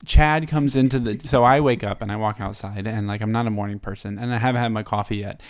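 A man's voice: fairly low pitch, fairly even intonation, fast. A man co-hosting a casual chat, telling an anecdote with frequent laughter. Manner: storytelling, laughs often.

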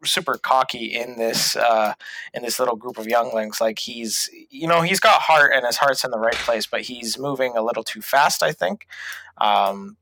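A man's voice: medium pitch, moderate pace, sharp tone, a little hiss or hum, rough recording. A man co-hosting a casual talk show, speaking hesitantly with many fillers and restarts. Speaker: podcast co-host. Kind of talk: casual chat.

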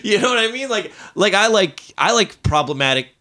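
This podcast host talks a little fast in a high-pitched voice, ranting through a casual chat. His animated delivery is full of swearing and sudden outbursts.

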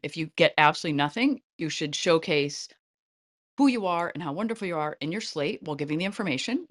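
A middle-aged woman speaks as a casting director in an interview, animated and talkative, with light laughs running through her advice. Her voice sits a little low for a woman. The recording is dry and close, with no room sound. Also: no echo. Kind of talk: interview answers, giving advice.

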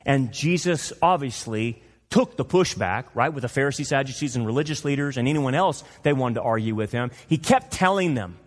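A man's voice: medium pitch, animated, fairly quick, long reverb tail. A male pastor preaching a sermon, emphatic and fond of rhetorical questions. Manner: emphatic, rhetorical questions, mocking quoted voices.

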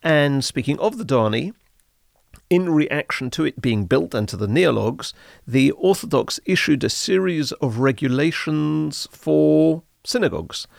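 Gravelly-voiced man explaining history. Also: on the high side, animated, dry recording, clean studio sound. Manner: measured, informative, uses Hebrew terms. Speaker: history podcast guest expert. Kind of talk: explanatory podcast conversation.

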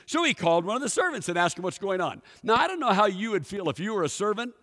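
A man's voice: high voice, very animated, fast, fairly bright tone. Man preaching in an echoing hall. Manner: storytelling preacher, asks the congregation questions. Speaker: pastor. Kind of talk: sermon. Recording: echoey hall with long reverb.

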